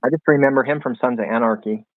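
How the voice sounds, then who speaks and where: A man's voice: mid-range voice, fast talker. A man co-hosting a live stream, teasing and encouraging in casual chat, heard over a call. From United States. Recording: tinny phone-like call audio.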